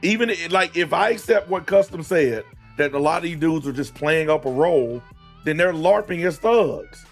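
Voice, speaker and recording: A man's voice: fairly high pitch, animated, faint music behind. Blunt, emphatic man. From American South. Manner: blunt and emphatic, profane, slows down to stress points. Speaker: host. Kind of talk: casual debate on a podcast.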